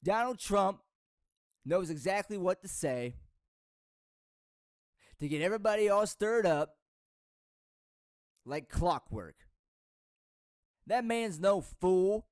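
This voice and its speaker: A man's voice: sits high, lively intonation, slow, long pauses, no echo, studio quality. A man giving a heated, frustrated rant as a vlogger, lecturing his viewers. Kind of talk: ranting video commentary.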